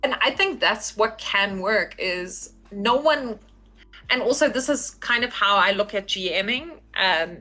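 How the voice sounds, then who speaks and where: A woman, a game master guesting on a podcast, talking in an animated, rambling way with frequent "like"s and self-mocking laughs. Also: mid-range voice, unhurried, faint music behind. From South Africa. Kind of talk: casual interview chat.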